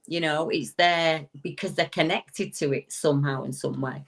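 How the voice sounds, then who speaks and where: A woman, a talk show guest who tells stories in a casual way, jumps up high when she quotes people and restarts her sentences often. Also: moderate pace. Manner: animated storyteller, swooping into high quoted voices, frequent restarts. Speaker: guest paranormal investigator.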